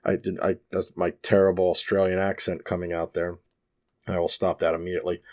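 Rambling, lower-voiced man reading aloud. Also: flat delivery, brisk, a little mellow. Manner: reads an article aloud, breaking off into rambling asides with frequent fillers. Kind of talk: casual reading and commentary. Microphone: desk microphone.

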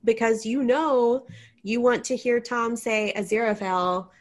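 A woman's voice: on the high side, steady tone, a little slow. A woman as a chatty cat podcast host. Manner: bubbly, rambling, self-interrupting. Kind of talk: casual chat.

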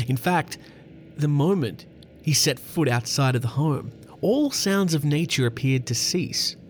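Hoarse, joking Australian man in his thirties. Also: on the high side, lively intonation, unhurried, slight background noise. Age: 30s. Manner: profane, jokey, rambling. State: hoarse, voice going. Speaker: podcast host. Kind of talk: casual comedic podcast monologue and story reading.

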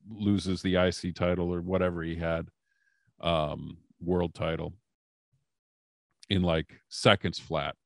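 A man with a very low, gravelly voice tells casual stories as a podcast guest. He rambles, stopping and restarting with lots of fillers. The sound is dry and close, with no room echo. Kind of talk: casual storytelling.

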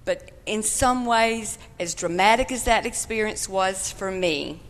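A woman's voice: mid-range voice, unhurried. An older woman, earnestly telling a personal testimony to a church congregation in folksy phrases. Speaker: church member giving testimony. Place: church sanctuary. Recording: long hall reverb of a church.

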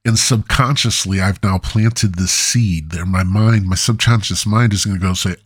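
A man's voice: deep voice, normal speed, hardly any pauses, slightly rough, no room sound. A man hosting a podcast, rambling through a crude comedic monologue, repeating himself on a close mic. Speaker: podcast host.

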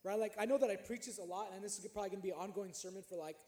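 A man's voice: high-pitched, very fast, darkish tone. A young male pastor preaching a sermon in a conversational way. He repeats phrases and builds up to emphatic preaching. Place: church sanctuary. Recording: echoey room with music behind.

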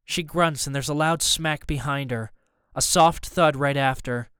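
A man narrating a first-person thriller audiobook in a steady, tense way. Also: on the high side, measured pace, clear, resonant tone, dry recording, studio quality.

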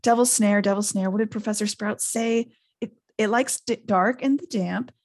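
A woman's voice: medium pitch, steady tone, moderate pace, close to an everyday voice. A woman voicing a brave young boy wizard, speaking earnestly and urgently.

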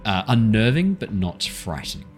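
A deep-voiced man runs a tabletop game, painting each scene in unhurried detail. He narrates the action for his players, and faint music sits low in the background. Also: big pitch swings. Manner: descriptive, scene-setting narration with playful asides. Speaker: game master.

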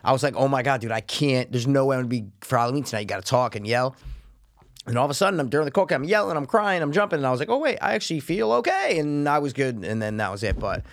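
A man co-hosting a podcast in casual chat, animated and profane, with constant agreeing interjections. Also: medium pitch, racing, no echo. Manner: profane, animated, lots of affirmations. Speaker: podcast co-host.

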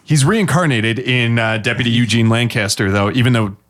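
A man's voice: mid-range voice, fairly quick. A man co-hosting a podcast from Illinois, chatting casually over beers, rambling with lots of fillers and laughing often. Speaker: podcast co-host.

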